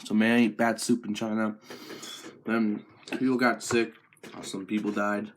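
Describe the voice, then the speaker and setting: A teenage boy in a crude, profane comedic rant to camera, with a mocking deadpan drawl. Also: lowish voice, unhurried, a little hiss or hum. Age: teens. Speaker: vlogger.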